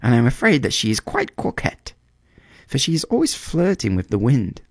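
A man's voice: medium pitch, huge pitch swings, moderate pace, dry recording, clean studio sound, voice pushed up. A man voicing a fussy, self-important little male swallow in a storybook reading. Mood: complaining.

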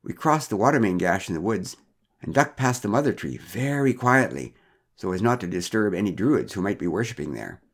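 A man narrating a personal story with wry, dry humor. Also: low voice.

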